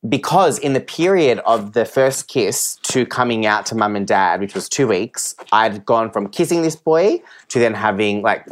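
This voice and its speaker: A man's voice: on the low side, expressive, moderate pace, hardly any pauses, a little hiss or hum. A young man, a podcast guest, candidly telling a personal story and acting out the voices of others. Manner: open and emotional, acts out quoted voices.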